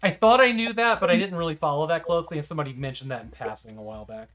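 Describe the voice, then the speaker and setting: Low-voiced woman chatting on a stream. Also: racing, music in the background. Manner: rambling, filler-heavy, gushes over her dog. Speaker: streamer host. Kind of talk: casual stream chat.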